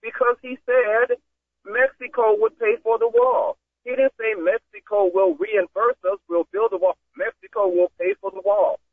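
A man co-hosting a political talk radio show, scornful and animated as he builds his argument with examples. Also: high voice, normal speed, dry recording. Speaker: radio co-host. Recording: tinny phone-like line, dry.

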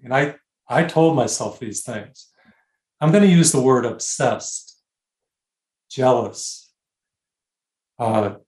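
A man sharing a spiritual experience in an interview, earnest and emphatic, slowing down on key words and trailing off softly. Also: mid-range voice, reverberant. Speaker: guest author. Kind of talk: conversational interview, spiritual testimony.

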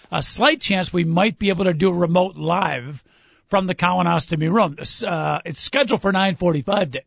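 A high, somewhat husky male voice, talking sports with quick, joking energy. The sound is muffled and lo-fi, with faint music underneath. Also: fairly bright tone, no room sound. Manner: upbeat, joking, fast banter. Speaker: sports talk show host. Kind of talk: casual sports talk.

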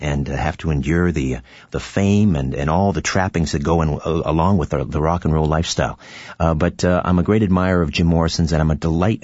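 A man hosting a talk show, interviewing a guest in a halting way with many fillers and restarts. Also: low voice, darkish tone, slightly rough, no room sound, muffled recording. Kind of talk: radio interview.

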